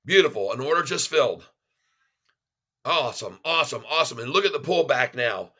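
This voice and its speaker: A man hosting a live day-trading stream, excitedly calling out prices, placing orders and greeting viewers as "folks.". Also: mid-range voice, brisk. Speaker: stock trading livestream host.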